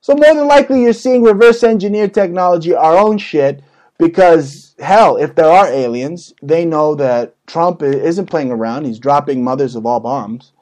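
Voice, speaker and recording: A young man hosting a casual talk show, ranting crudely and jokingly with sudden loud outbursts. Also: on the high side, normal speed, low-quality recording. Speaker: host.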